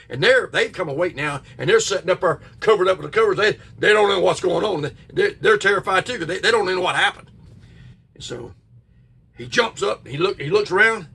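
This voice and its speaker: Gravelly man telling a ghost story. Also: sits high, animated, sharp tone, far from the mic. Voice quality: gravelly, husky. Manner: folksy, drawn-out retelling with sudden bursts. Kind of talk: casual spoken ghost story.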